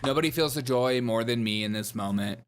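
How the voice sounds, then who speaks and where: A man's voice: medium pitch, fairly quick, very noisy. A man hosting a political commentary show, talking sarcastically over clips with mocking, laughing asides.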